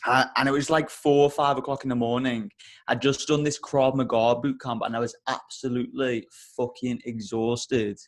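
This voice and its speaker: A young man on a podcast, telling a comic story with heavy swearing and loud, exasperated outbursts. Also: medium pitch, little pitch movement, normal speed. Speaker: podcast co-host.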